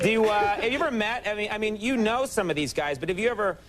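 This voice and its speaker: A man hosting a talk show, asking questions in a relaxed, amused way and laughing along with his guest. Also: sits high, fast, a crowd in the background, background noise. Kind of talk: casual interview chat.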